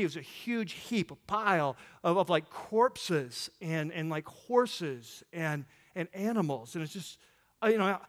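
Upbeat pastor with a higher voice. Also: male voice, a little slow, big-room sound. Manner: animated, loose, many fillers and restarts. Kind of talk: sermon storytelling.

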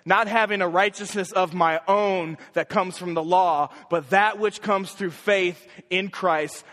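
A young man preaching a sermon as a young adults pastor, emphatic, with sharp rises in pitch on his key points. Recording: long hall reverb.

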